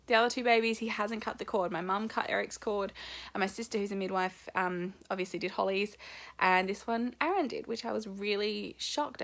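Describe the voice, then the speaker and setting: A woman's voice: mid-range voice, fairly bright tone. A woman in her thirties, a vlogger telling a personal story in a chatty way, laughing often and acting out what people said. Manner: chatty, laughing, full of fillers and acted-out quotes. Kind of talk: casual storytelling to camera.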